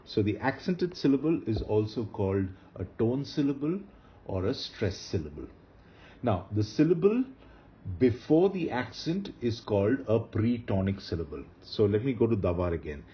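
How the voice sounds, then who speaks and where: A man's voice: fairly low pitch, big pitch swings, normal speed. A man teaching a screen-recorded lesson, explaining patiently, with fillers and restarts. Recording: slightly muffled, faint background hiss.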